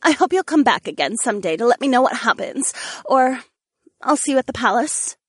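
Audiobook: encouraging woman, voiced by an actress, higher, husky tone. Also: big pitch swings, brisk, no echo, clean studio sound. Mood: tender. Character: warm adult woman, proud and encouraging.

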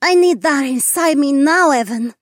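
A man voicing an eager, breathless young woman in an audiobook, in a high breathy falsetto. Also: normal speed, no room sound, clean studio sound. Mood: breathless pleading.

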